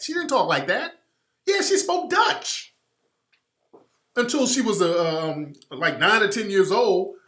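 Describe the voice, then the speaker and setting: Emphatic male radio host, lively pitch. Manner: emphatic, repetitive, blunt. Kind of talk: impassioned monologue. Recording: roomy echo.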